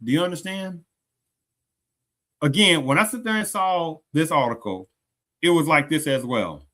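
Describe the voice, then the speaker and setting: Speaking at a moderate pace, this commentary channel host has a voice on the high side, bright and forceful in tone, and he sounds animated. His reaction commentary rambles, with frequent sentence restarts and the repeated question "do you understand?"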